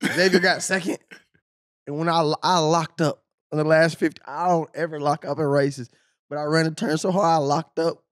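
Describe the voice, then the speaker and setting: A man on a podcast telling a lively story, laughing often and acting out what others said. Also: on the high side, moderate pace, no room sound, studio quality. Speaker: podcast co-host, former sprinter. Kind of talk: casual storytelling chat.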